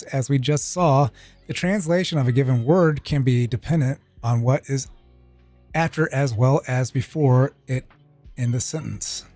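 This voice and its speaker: A man's voice: mid-range voice, dark tone, dry recording. A man streaming, reading a technical tutorial aloud and breaking off for casual, profane asides. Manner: reads text aloud with casual asides and swearing.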